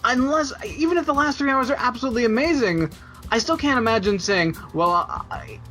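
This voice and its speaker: A man's voice: very high-pitched, expressive, fairly bright tone, soft background music. A man co-hosting a podcast in casual chat, often stalling and repeating words as he argues a point. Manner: halting, repeats words when making a point. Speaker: podcast co-host.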